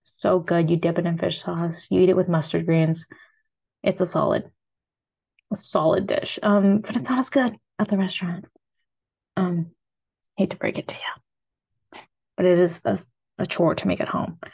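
A woman's voice: lowish voice, normal speed, gravelly, darkish tone, husky. A young American woman chatting casually and rambling about food she loves, with lots of fillers. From United States. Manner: rambling, filler-heavy, upbeat. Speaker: food vlogger. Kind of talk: casual solo food chat.

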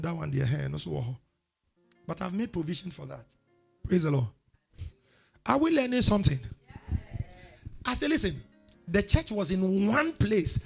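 A male pastor preaches a call-and-response sermon, pushing into loud exhortations. His voice sits high for a man, gravelly and a bit husky. Faint instrumental music plays softly behind him.

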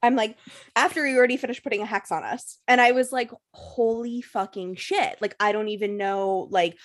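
A woman's voice: mid-range voice, fast talker. A young woman telling a story in a casual chat, swearing freely and filling her talk with "like". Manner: profane, breathless storytelling full of "like" fillers.

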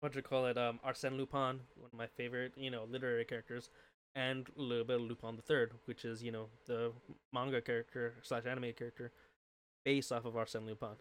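A man with a smooth, clear voice talks in a loose, rambling way, stopping often on fillers. His pitch sits in the middle range, and it sounds like easy chat with a co-host. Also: little pitch movement, fast. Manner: rambling, hesitant, full of fillers. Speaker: podcast co-host and game master. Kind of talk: casual chat.

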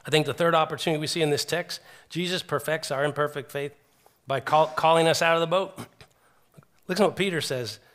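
A pastor in the middle of a sermon, his voice sitting a little high for a man. He tells stories conversationally, pressing some points loudly and dropping others almost to a hush. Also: a little fast. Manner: conversational storytelling, swinging between loud emphasis and hushed tones.

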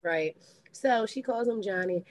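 A woman co-hosting a podcast, retelling a reality show in casual chat, blunt and animated with cursing. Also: mid-range voice, unhurried, no room sound. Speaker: podcast co-host.

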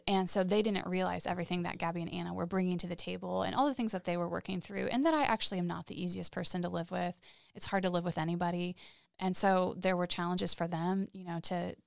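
Low, gravelly-voiced woman guest. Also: dry recording, studio quality. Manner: halting and heartfelt, with frequent restarts. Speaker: podcast guest. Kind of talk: candid interview storytelling.

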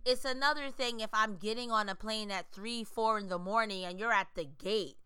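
A woman in her thirties chatting casually, animated and quick to laugh, swearing freely. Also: medium pitch, clean tone, no echo. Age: 30s. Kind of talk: casual podcast chat.

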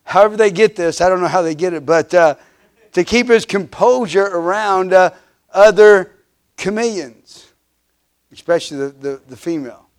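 A man in his fifties preaching a sermon, his voice sitting a little high for a man. He hammers on repeated refrains, climbing louder, then sinking low. He stumbles into restarts and uhs as he goes. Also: normal speed, clear, resonant tone. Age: 50s. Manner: emphatic preaching with repeated refrains, swelling and dropping in volume; frequent restarts and filler uhs. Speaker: pastor.

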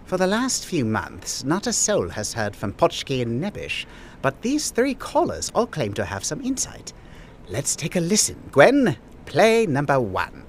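A woman's voice: low-pitched, measured pace, slight background noise. A woman hosting a comedic mock true-crime podcast with theatrical delivery. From Eastern Europe. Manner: theatrical, deadpan host delivery. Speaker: podcast host.

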